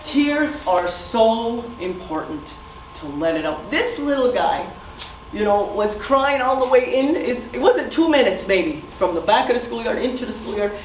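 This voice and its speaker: A woman's voice: a little high, animated, normal speed, a little hiss or hum. Woman presenting in an echoey hall. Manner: storytelling, asks audience questions. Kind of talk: community presentation. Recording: echoey room from far off.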